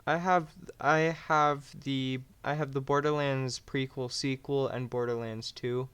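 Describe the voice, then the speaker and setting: A woman's voice: extremely low pitch, steady tone, a little slow, smooth. A woman hosting a podcast, chatting casually with dry, laid-back remarks. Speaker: podcast host. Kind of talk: casual chat.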